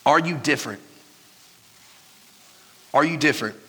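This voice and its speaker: A man in his thirties preaching a sermon as pastor, animated and joking, laughing at his own stories. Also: a little high, a little slow, husky. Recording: reverberant hall with faint music.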